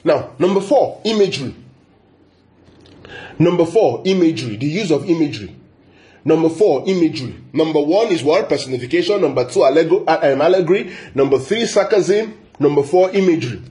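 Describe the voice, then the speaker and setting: A man with a dark, fairly high voice preaches briskly and with lively intonation. As pastor he teaches through emphatic repetition, frequently asking his congregation "yeah?"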